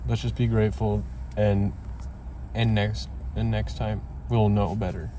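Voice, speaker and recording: A man's voice: lowish voice, level tone, unhurried, dark tone, a little hiss or hum. A young man from Toronto, co-hosting a casual mukbang, laid-back and joking, rambling with lots of fillers. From Toronto, Canada. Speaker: co-host. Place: indoors, sitting on the floor.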